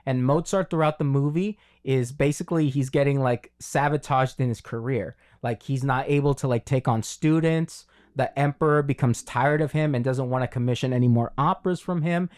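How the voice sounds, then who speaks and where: A man's voice: mid-range voice, normal speed, few pauses, a little mellow. A man co-hosting a casual film review podcast, talking in long rambling runs with many fillers and restarts. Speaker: podcast co-host.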